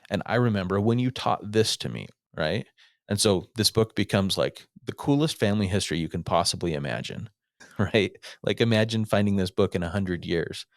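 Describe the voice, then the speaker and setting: A middle-aged man, a podcast guest, telling stories in a lively way and acting out what people said. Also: low-pitched, no room sound, clean studio sound. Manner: animated storyteller, acts out quotes. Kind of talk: casual storytelling interview.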